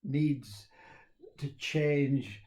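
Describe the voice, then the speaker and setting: A man, talking in a rambling, reflective monologue, laughing often and halting with fillers. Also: medium pitch, a little mellow. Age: 60s.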